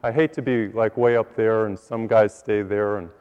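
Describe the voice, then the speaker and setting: A man's voice: lowish voice, steady tone, moderate pace, smooth. A priest telling jokes from the pulpit in a loose, storytelling manner. His voice rings through a big church with a long tail of reverb, and the sound is slightly dull. The congregation laughs now and then. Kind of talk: joke-filled sermon. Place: large church.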